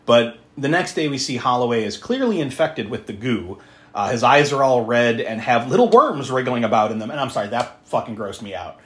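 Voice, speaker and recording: A man talking through a movie plot with a lively, swooping voice. He laughs easily, swears freely and slips into quick character voices as he retells scenes. The talk is casual and loose among friends. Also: mid-range voice. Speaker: podcast host. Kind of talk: casual movie recap chat.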